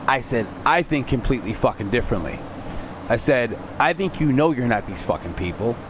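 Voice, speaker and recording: A young man recounts a personal story in a loose, rambling way, swearing freely as he goes. His voice sits at an ordinary middle pitch. There is a faint background noise under the recording. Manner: profane, rambling, animated retelling. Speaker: streamer telling a story. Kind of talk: casual storytelling.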